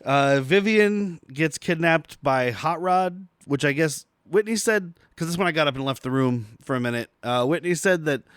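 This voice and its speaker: Male co-host, slightly higher voice, chatty recap, laughs a lot, dry mic. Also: moderate pace, hardly any pauses, fairly bright tone, smooth, no room sound. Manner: laughs often, summarizes scenes. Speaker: podcast co-host recapping the plot. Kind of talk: casual plot recap chat.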